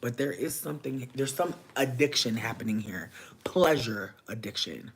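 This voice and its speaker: A man giving a casual livestream tarot reading, talking in loose slang, breaking into loud laughter and dropping to soft asides. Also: mid-range voice, moderate pace, a little hiss or hum. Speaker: tarot reader.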